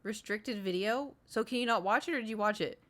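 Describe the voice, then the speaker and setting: A woman's voice: medium pitch, fairly quick, a bit bright. Chatty rambling woman streamer. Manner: chatty, rambling, talks straight to chat. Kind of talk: casual live-stream chat.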